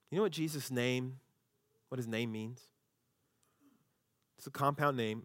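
A man preaching a sermon as a pastor, conversational and humorous, animated and shifting his voice when he acts out quotes. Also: mid-range voice, a little slow, pauses often, no room sound.

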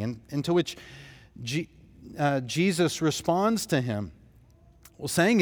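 A man's voice: fairly high pitch, expressive, slow, pauses often, in a large hall. A man preaching a sermon as pastor, telling the story in an earnest, emphatic way.

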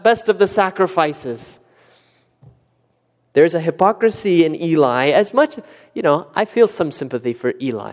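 A man preaching a sermon, animated and acting out quoted questions with a rising voice. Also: a little high. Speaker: pastor. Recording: long church reverb.

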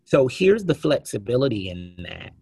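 An earnest man speaking to a church congregation about a reading plan, often stumbling and restarting his sentences. His voice has a husky, slightly breathy edge. The recording is dry and close, with no room echo. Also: mid-range voice, big pitch swings, normal speed, a little mellow. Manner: earnest, restarts often, reads scripture aloud. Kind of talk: church announcement talk.

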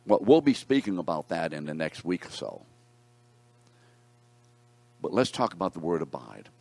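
A man's voice: low-pitched, sing-song, normal speed, gravelly, a little mellow, dry recording. A man teaching a Bible class, reading scripture aloud and putting questions to his students in a conversational way.

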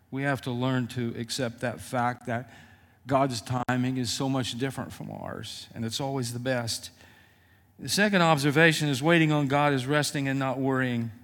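A man preaches to his congregation, sharing personal memories with an emotional, halting delivery. His voice sits at an ordinary middle pitch. The sound carries a long reverb, as in a large church. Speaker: pastor. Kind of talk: sermon.

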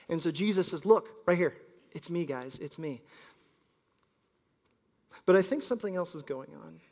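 A man in his thirties preaching a sermon as pastor, telling stories and swinging between loud emphasis and quiet asides. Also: fairly high pitch. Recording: long hall reverb.

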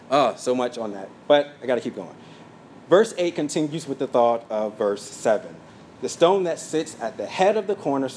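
A man's voice: mid-range voice, a little mellow, a little hiss or hum. Man preaching a teaching sermon. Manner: teaching from notes, many fillers and asides. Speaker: pastor.

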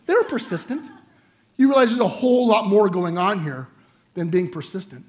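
A young man preaching a guest sermon in a chatty, animated way, often checking in with the listeners. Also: high voice, brisk. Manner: animated, chatty, asks the audience "right?" often.

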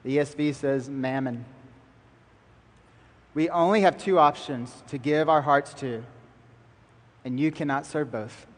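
A man's voice: fairly high pitch, unhurried, pauses often, long reverb tail. A man preaching a sermon as pastor, emphatic and building through repeated lines.

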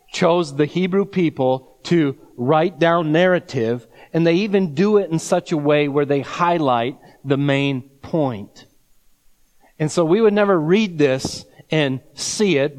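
A man preaching a sermon, slow and emphatic, drawing out key words and breaking into scripture readings with his own asides. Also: a little high, a little mellow, in a large hall. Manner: reads scripture aloud with asides. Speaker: pastor.

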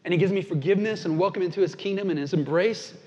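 A man pastor preaching a sermon, earnest and dynamic, slowing down for emphatic quotations and dropping soft and low at times. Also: slight background noise. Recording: dull sound with long reverb in a large hall.

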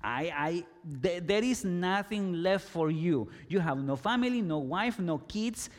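Guy preaching really slow and emphatic, kinda high voice, lots of hall echo. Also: animated. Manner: slow and emphatic, with bursts of loud shouting. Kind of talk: sermon. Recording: long reverb in a hall.

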